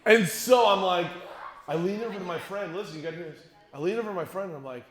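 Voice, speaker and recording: A man's voice: high-pitched, fast. A middle-aged man telling a funny story to a youth conference audience, acting out what people said and joking with the crowd. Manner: animated, acts out quotes, jokes with the crowd. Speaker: youth speaker. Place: large conference hall. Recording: echoey hall.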